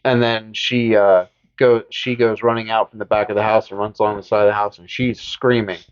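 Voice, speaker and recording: A man co-hosting a podcast, recapping a horror movie in casual, rambling chat full of swearing, now and then slipping into quick voices for the characters. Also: lowish voice, level tone, smooth. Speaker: podcast co-host. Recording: dull lo-fi podcast audio.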